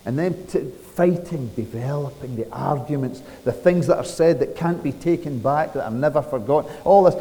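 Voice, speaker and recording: Male preacher, sermon, dramatic storytelling, rhetorical questions, mellow tone, somewhat high. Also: moderate pace, few pauses, long reverb tail, rough recording.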